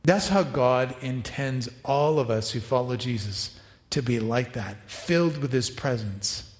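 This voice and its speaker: A man preaching a sermon, animated, acting out quoted voices and making asides to helpers. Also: mid-range voice, measured pace. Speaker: pastor. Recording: echoey hall, reverberant.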